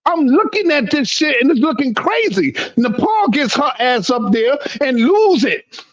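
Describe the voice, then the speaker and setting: A man's voice: extremely high pitch, very animated, normal speed, fairly bright tone. A man lecturing a group in a heated, profane rant during a panel debate. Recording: dull lo-fi sound.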